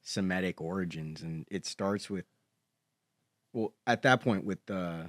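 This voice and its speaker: Deep-voiced man, rambling and hesitant. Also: measured pace, fairly bright tone, dry recording. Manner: rambling, hesitant storyteller full of fillers. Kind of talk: casual chat.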